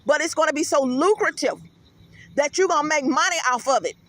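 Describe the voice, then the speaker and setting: A woman's voice: high voice, fairly quick, no room sound. A middle-aged woman host speaking, telling stories animatedly in a casual interview chat and calling out to viewers. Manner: animated storytelling, addresses viewers as y'all.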